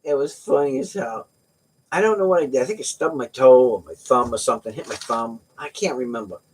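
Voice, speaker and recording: A man's voice: medium pitch, animated, a little fast, breathy edge. A middle-aged man hosting a livestream, chatting casually with viewers and telling rambling, joking stories. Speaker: livestream host.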